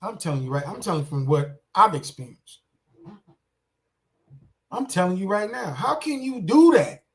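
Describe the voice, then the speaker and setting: A man's voice: high voice, very animated, moderate pace, slight background noise. A man giving casual reaction commentary on a clip, indignant and repetitive, talking straight to his viewers.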